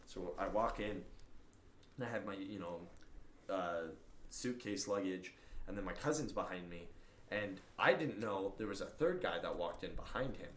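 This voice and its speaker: Young man, podcast co-host, lively pitch, bright tone, echoey room, animated storytelling. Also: moderate pace, slight background noise. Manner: animated, acts out quotes with loud outbursts. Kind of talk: casual storytelling. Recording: roomy echo.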